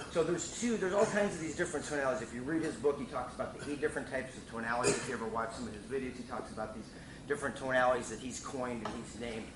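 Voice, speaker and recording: Man coaching in a roomy echoey space. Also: medium pitch. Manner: casual, repeats himself, many fillers and restarts. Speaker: car sales trainer. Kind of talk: sales training lesson. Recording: roomy, distant mic, noisy background.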